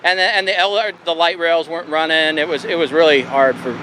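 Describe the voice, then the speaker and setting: A man's voice: a little high, steady tone, fairly quick, noisy background. A man filming on a sidewalk with a handheld camera, chatting casually and rambling with frequent laughs. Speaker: YouTube auditor filming in public. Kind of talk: casual chat to camera and with an officer. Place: outdoors on a sidewalk by a road. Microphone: handheld camera mic.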